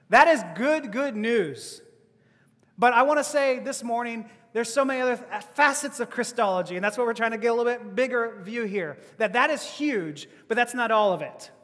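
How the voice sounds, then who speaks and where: High-pitched guy preaching, chatty, laughs a lot, long echo like a big hall. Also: moderate pace, fairly bright tone. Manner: conversational, laughing asides, rhetorical questions. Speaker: pastor. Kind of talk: sermon. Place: church hall.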